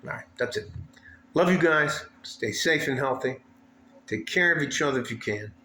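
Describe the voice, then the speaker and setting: Bright, forceful and animated, a medium-pitched male vlogger from West Texas vents at a moderate pace, cursing hotly and repeating the same complaints. The sound is echoey, with faint noise in the background.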